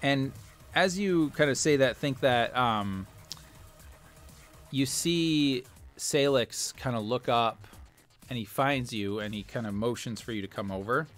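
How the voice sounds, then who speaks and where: A man's voice: mid-range voice, a little slow, a bit bright, faint music behind. A man narrating as game master in a tabletop game, rambling with many fillers.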